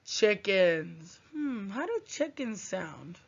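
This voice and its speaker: A woman teaching a writing lesson to young children, thinking aloud with long hums in a gentle, encouraging way. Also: fairly high pitch, animated, slow pace. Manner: gentle, encouraging, sing-song classroom delivery. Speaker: first grade teacher. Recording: dull lo-fi recording.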